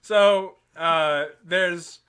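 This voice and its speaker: A man's voice: high-pitched, steady tone, drawn-out words, sharp tone, a little hiss or hum. A young man telling stories on a casual podcast chat, laughing often as he talks. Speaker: podcast co-host.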